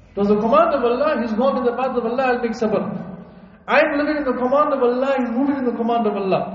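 A man preaches a passionate storytelling sermon, dropping Urdu and Arabic religious words as he goes. He sounds distant, heard from across a large hall with long, booming reverb. The recording is dull and lo-fi. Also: a little mellow. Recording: echoey hall from far off, dull lo-fi.

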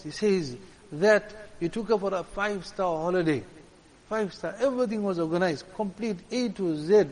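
A man's voice: high voice, darkish tone, in a large hall, low-quality recording. A man preaching a sermon in an earnest, emphatic way, hammering home points with repeated phrases. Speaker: religious preacher.

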